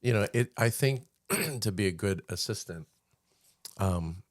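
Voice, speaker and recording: A man with a very deep voice chats in a relaxed, hesitant way, pausing with fillers as he hunts for the right words. The recording is close and dry. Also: no room sound. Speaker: commercial photographer, co-host. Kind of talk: casual conversation.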